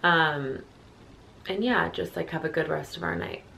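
A woman's voice: low voice, a little slow, creaky, bright, forceful tone, a little hiss or hum. Chatty young woman vlogging at home. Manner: chatty, filler-heavy, self-deprecating. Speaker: lifestyle vlogger. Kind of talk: casual vlog chat. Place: home, kitchen and indoors.

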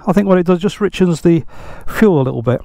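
A man's voice: sits high, lively intonation, fast, creaky, dark tone, no echo. An older man, chatting casually outdoors beside his motorbike in a rambling, self-deprecating way. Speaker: motorcycle vlogger. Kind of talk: casual vlog chat.

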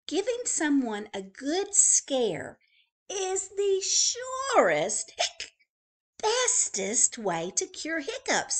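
A woman's voice: sits high, pitched above the performer's own voice, full character voice. A woman voicing a fretful little penguin with hiccups, chatty and pleading, in a children's storybook read-aloud.

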